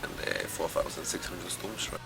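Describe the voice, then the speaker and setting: A man breaks down a game match in methodical live commentary, hesitating as he works through the details. His voice is deep and level, with little rise and fall. Music runs behind him. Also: fairly even intonation, moderate pace, vocal fry. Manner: analytical, methodical, with hesitations and fillers. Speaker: esports commentator. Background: background music.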